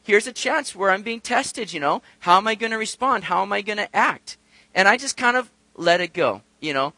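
A man's voice: high voice, expressive, normal speed, pushed and bright, no room sound. A male pastor preaching a sermon in a conversational way, telling a personal story and asking rhetorical questions.

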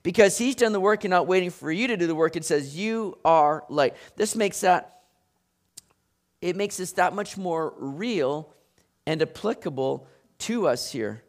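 A man preaching a sermon in an animated, conversational way, sometimes acting out voices. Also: sits high, unhurried. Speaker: pastor.

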